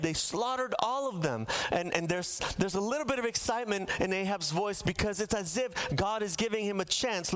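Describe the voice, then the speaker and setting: A man's voice: high voice, fairly bright tone. A man preaching a sermon in a church, telling a Bible story with humor and acting out the characters' lines for the congregation. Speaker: pastor. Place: church sanctuary.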